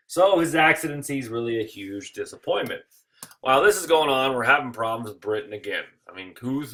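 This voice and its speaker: A tired man teaching history in a recorded slideshow lecture, joking and acting out quick little voices. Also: mid-range voice, fairly bright tone.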